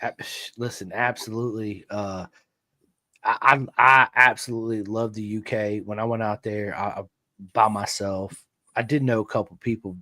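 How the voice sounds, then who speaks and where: An American man hosting a podcast, chatting casually and telling animated, hyped-up stories to his guest. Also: fairly low pitch, moderate pace, no echo, clean studio sound. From United States. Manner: excitable, hyping, animated storyteller. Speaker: podcast host. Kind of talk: casual chat with ad read.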